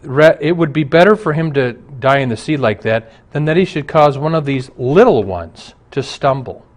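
A man's voice: medium pitch, animated, moderate pace. A middle-aged male pastor delivering a broadcast sermon, earnest and emphatic, his intensity rising and falling.

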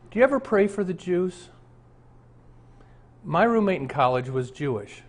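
A man in his sixties, a pastor, preaching an earnest, conversational sermon full of rhetorical questions. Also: fairly high pitch.

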